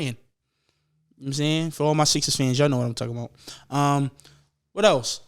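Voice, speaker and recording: A young man hosting a podcast, ranting casually and profanely about football, rambling and mimicking people in quick asides. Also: on the high side, fairly bright tone, clean tone. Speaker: podcast host. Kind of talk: casual sports rant.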